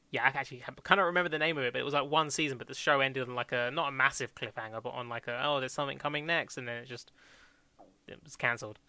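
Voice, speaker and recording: A man's voice: mid-range voice, fairly even intonation, fast, pauses often, sharp tone, no room sound. A young man chatting casually about TV shows as a podcast co-host, rambling with lots of fillers, restarts and laughs. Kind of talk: casual chat reviewing TV shows.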